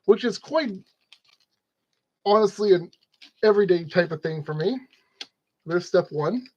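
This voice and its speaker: A man's voice: high voice, expressive, unhurried, a little mellow, lo-fi sound. A man narrating a model kit build in a casual, rambling way, scolding his tools and joking at his own expense. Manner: rambling, talks to objects, self-deprecating.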